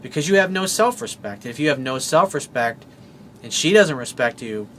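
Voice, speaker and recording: Speaking straight to his viewers, a dating coach gives blunt, emphatic relationship advice and acts out both sides of a couple's conversation. His medium-pitched voice is fairly bright and lively at a normal speed, with slight background noise.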